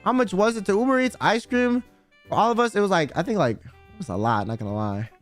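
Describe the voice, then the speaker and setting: A man with a high voice chats casually on a stream, rambling through a story full of slang and swearing. Soft music plays quietly behind him. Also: expressive, fast.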